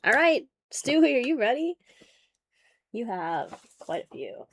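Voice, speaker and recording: A woman's voice: on the high side, sing-song, a little slow, a little hiss or hum. Blunt, profane woman streamer. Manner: blunt and profane, laughing easily. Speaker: streamer revealing graded trading cards. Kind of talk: casual livestream chat.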